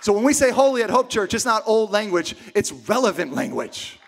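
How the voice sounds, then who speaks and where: A man preaching a sermon as pastor, emphatic and repetitive, swinging from shouts down to hushed near-whispers. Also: high-pitched, fast talker, a faint crowd.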